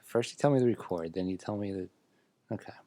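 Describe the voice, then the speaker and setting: A man with a fairly low voice hosting a casual podcast, dry and a bit grumbly in his replies. The recording is close and dry. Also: quick pace, warm tone, dry recording. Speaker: podcast host.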